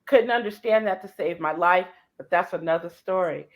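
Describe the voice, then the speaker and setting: Middle-aged woman telling a big emotional story, goes quiet then loud, motivational speaker vibe. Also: on the low side, moderate pace, low-quality recording. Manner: dramatic, swings from soft to shouting.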